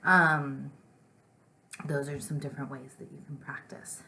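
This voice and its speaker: A young woman teacher giving a gentle, patient lesson to young children, reading example sentences with exaggerated expression. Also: very deep voice, little pitch movement, unhurried, vocal fry, a little hiss or hum.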